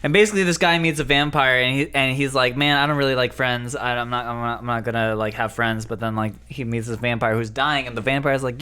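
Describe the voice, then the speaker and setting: A man's voice: medium pitch, fairly even intonation, brisk, sharp tone, smooth. A tipsy young man, a guest on a casual chat, stumbling through a long plot summary with lots of fillers. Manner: rambling, hesitant, full of "like". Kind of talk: drunk casual chat, retelling an anime plot.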